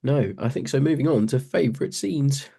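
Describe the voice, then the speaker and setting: A man's voice: medium pitch, lively intonation, normal speed, creaky, warm tone, slightly rough. A man co-hosting a podcast in casual chat, laughing and recounting film scenes animatedly. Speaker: podcast co-host.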